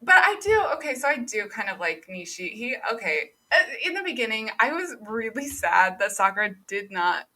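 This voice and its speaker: A woman chats on a podcast with a bright, fairly high voice that swings widely in pitch. She laughs readily and shares opinions with enthusiasm. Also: big pitch swings, normal speed, hardly any pauses. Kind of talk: casual chat.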